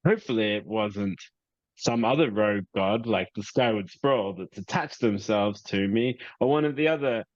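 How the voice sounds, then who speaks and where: Figure: obsessive, brittle scholar woman, voiced by a man. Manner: slow, insistent, repetitive. Pitch: low. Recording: dry, slightly muffled. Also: no room sound, lightly acted. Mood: curt. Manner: slow, insistent, repeating herself.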